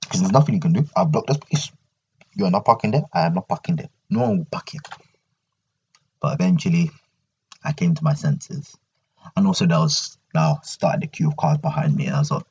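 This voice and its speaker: A man's voice: deep voice, fairly quick, a little mellow, husky, highs cut off. A young man hosting a solo podcast, ranting animatedly and repeating his points. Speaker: podcast host.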